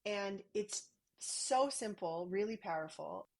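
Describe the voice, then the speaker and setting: A woman speaking calmly and gently on a parenting podcast, guiding listeners through a practice. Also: medium pitch, takes it slowly, gravelly.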